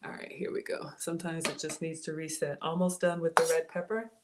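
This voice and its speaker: A woman's voice: deep voice, flat delivery, brisk. A woman home cook talking casually to her livestream viewers from her kitchen and greeting them by name, recorded on a phone. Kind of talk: casual cooking livestream chat. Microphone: cell phone and tablet. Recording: noisy phone livestream audio.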